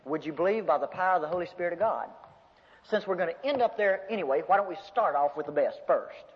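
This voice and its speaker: High-voiced preacher in an echoing hall. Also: male voice, fast talker. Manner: animated, folksy storytelling with humor. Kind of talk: sermon. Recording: dull lo-fi recording in a reverberant hall.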